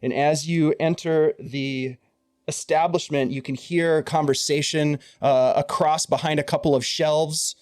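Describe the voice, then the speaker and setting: A man's voice: on the high side, steady tone, a little slow, no echo, clean studio sound. A man narrating a tabletop game as game master, rambling through restarts. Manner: rambling, many restarts and fillers.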